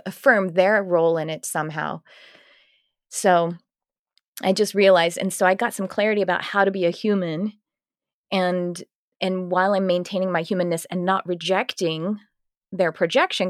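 A woman's voice: fairly low pitch, no echo, clean studio sound. A woman hosting a podcast, chatting casually and rambling, with frequent restarts. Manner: rambling, restarts, acts out quoted voices. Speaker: podcast host.

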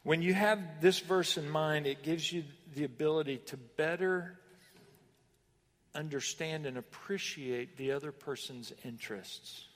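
A man preaching a sermon as pastor, animated and emphatic, with sudden rises and pauses. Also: fairly high pitch, big-room sound.

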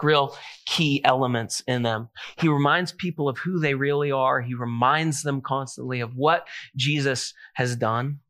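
A man preaching a sermon, telling a story in a lively, animated way with many asides. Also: fairly high pitch. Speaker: pastor.

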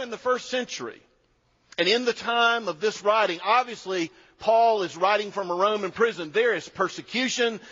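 Animated high-voiced pastor preaching. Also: male voice. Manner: emphatic, repeats key phrases, dry humor. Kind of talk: sermon. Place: church sanctuary. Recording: dull sound with long church reverb.

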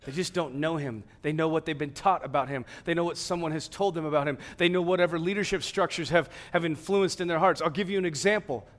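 A man preaching a sermon, swinging between emphatic, raised passages and quiet, hushed ones. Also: a little high, quick pace, hardly any pauses. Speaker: pastor.

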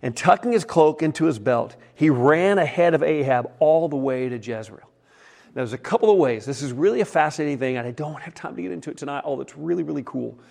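A middle-aged man preaching a sermon in a folksy, animated way, acting out the quotes in his stories. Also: medium pitch, vocal fry. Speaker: pastor. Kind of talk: sermon with storytelling.

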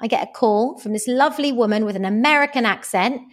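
A woman with a high-ish voice talks fast as a guest on a casual podcast interview. She coaches people on dating and relationships, and as an animated storyteller she acts out the quoted dialogue and voices in her stories.

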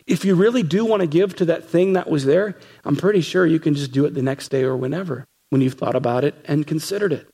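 Husky gravelly-voiced preacher man. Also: fairly high pitch, quick pace, hardly any pauses, mellow. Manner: emphatic, repeats phrases, acts out quoted voices. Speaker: pastor. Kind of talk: sermon.

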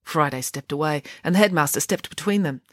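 A woman reading a children's novel aloud with lively expression. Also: a little fast, no room sound, studio quality. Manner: lively, voices dialogue with big pitch swings. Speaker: audiobook reader.

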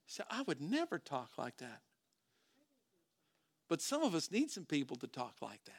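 A man's voice: on the high side, huge pitch swings, moderate pace, long pauses, no room sound, clean studio sound. A man preaching a sermon as pastor, talking to the congregation in a conversational way, with rhetorical questions and frequent restarts.

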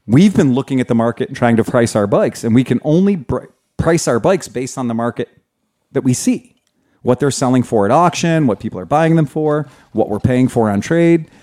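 A man who owns a motorcycle shop, telling stories in a casual, profane, animated way. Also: mid-range voice, moderate pace. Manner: animated, profane, laughing storyteller. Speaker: motorcycle dealership owner. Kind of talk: casual storytelling chat.

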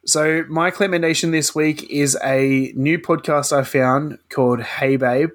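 A man's voice: on the high side, steady tone, unhurried. Chatty Australian man. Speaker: podcast co-host. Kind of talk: casual podcast chat.

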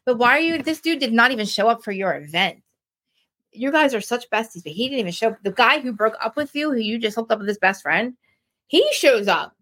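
A woman's voice: on the high side, expressive, a little fast, fairly bright tone. A woman in her forties hosting a podcast, recapping a reality show in an exasperated, ranting way with lots of filler words. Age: 40s. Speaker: podcast host. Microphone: podcast mic, live streamed.

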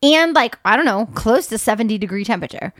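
A young woman co-hosts a podcast in an easy, chatty way, her voice fairly high and often breaking into laughter. The sound is close and dry, with no room around it. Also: animated, fast, a bit bright, dry recording. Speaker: podcast co-host. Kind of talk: casual chat.

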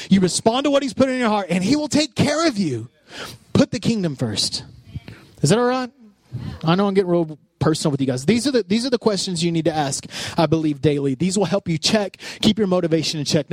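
A man in his thirties preaching in an animated, personal way, often restarting his sentences. His voice sits a little high for a man and sounds dry and close, with no room echo. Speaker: pastor. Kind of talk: sermon.

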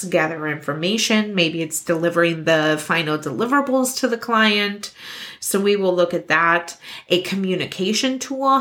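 A woman's voice: on the low side, a bit bright. Woman hosting a business podcast. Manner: earnest, encouraging advice. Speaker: podcast host. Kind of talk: scripted podcast talk.

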